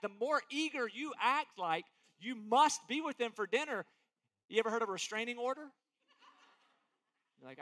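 Male pastor, sermon, high voice, bright tone, emphatic, acts out quotes. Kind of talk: expository sermon.

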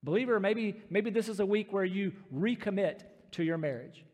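High-voiced man preaching in a reverberant hall. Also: a little mellow. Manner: earnest, emphatic preaching with slowed stresses. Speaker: pastor. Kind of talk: sermon. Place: church sanctuary.

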